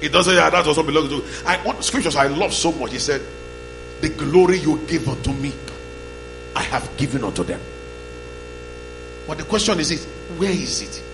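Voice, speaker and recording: Male pastor, raised gravelly voice, call-and-response sermon, music underneath. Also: a little high, moderate pace, long pauses. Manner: call-and-response, shouting bursts. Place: church hall. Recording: loud music and mains hum behind.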